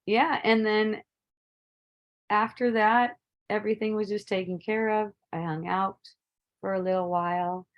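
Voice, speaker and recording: A woman casually telling a personal story, relaxed and rambling, laughing often. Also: medium pitch, measured pace, pauses often, highs cut off. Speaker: spiritual teacher.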